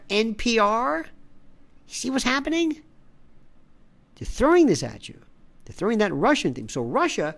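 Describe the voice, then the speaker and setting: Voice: medium pitch, a bit bright. An independent media analyst delivering an opinionated commentary, ranting and repeating phrases for emphasis, often acting out quoted conversations.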